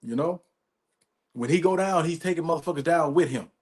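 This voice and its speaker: A podcast host ranting in an emphatic, profane, repetitive way, often asking "you know what I'm saying". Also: male voice, a little high, brisk, slightly rough. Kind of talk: profane commentary rant.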